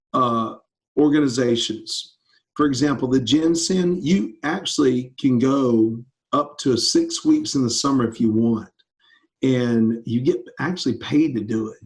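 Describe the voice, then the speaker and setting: A man's voice: mid-range voice, unhurried. A man, a campus ministry pastor answering students' questions in an enthusiastic, upbeat casual chat over a video call.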